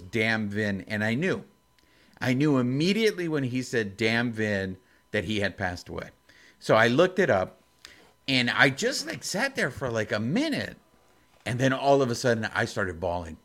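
A man's voice: mid-range voice, a bit bright. Emotional rambling man co-host. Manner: rambling, emotional storytelling with restarts. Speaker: podcast co-host. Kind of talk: casual chat.

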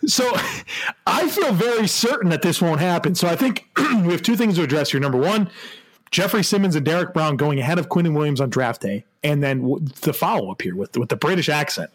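Animated, laughing podcast co-host man. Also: on the high side, a little fast. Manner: animated, laughs often, hesitant restarts. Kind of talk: casual sports podcast chat.

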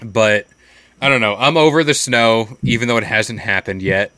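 Bright rambling young man. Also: on the low side, normal speed, no echo. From New York. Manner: rambling, says "like" a lot. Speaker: podcast co-host. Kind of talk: casual chat.

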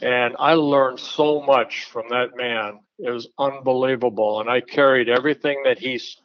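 A man, a former pitcher, telling blunt, folksy anecdotes in a casual chat, with an occasional chuckle. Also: fairly even intonation, moderate pace, no room sound. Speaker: retired pitcher, guest storyteller. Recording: dull, lo-fi dry sound.

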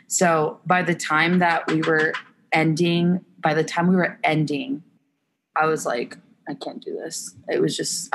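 Low, gravelly young woman chatting. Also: slight background noise. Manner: laughing, candid, filler-heavy. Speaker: guest, Olympic softball player. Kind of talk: casual podcast chat.

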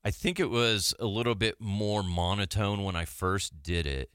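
A man hosting a podcast, telling animated stories in casual chat and laughing often. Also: on the low side, moderate pace, clean tone, no room sound, studio quality. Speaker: podcast host, former radio sidekick.

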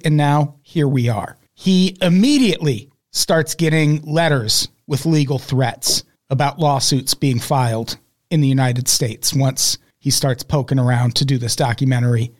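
A man's voice: a little high, unhurried. A man on a podcast in casual chat, steadily recounting a documentary's story with wry remarks. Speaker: podcast guest.

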